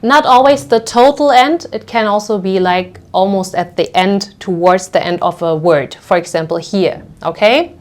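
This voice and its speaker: A woman gives a pronunciation lesson with a mid-pitched voice. She takes her time, drawing each sound out so it can be copied. She keeps checking in with her students. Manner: patient, explains slowly with frequent "okay?" checks; demonstrates sounds by stretching them out. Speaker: language teacher.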